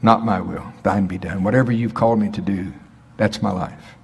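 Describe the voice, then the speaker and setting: A man's voice: fairly low pitch, steady tone, normal speed, creaky, a little mellow, slightly rough. A man preaching a sermon. He reads scripture aloud and builds to emphatic, rising bursts. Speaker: pastor. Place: prayer center sanctuary. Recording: long hall reverb.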